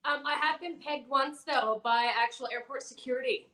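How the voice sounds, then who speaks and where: A woman's voice: high voice, normal speed, a crowd in the background. A middle-aged woman with an Australian accent, telling stories in a casual interview and acting out the voices of people she quotes. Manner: animated storyteller, acts out quoted voices. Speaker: guest content creator. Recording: echoey room.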